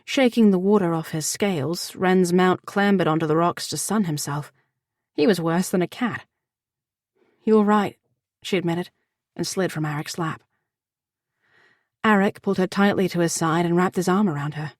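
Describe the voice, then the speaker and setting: A woman narrator with a slightly low voice, reading a fantasy romance in a measured, even way. The recording is dry and close, with no room sound. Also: dry recording. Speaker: audiobook narrator. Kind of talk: scripted narration.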